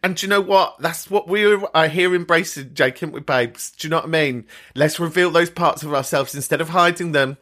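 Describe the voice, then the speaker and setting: A man's voice: fairly high pitch, a little fast, hardly any pauses, sharp tone. A man hosting a podcast in a camp, chatty, sweary style, laughing often. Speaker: podcast host. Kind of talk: casual chat.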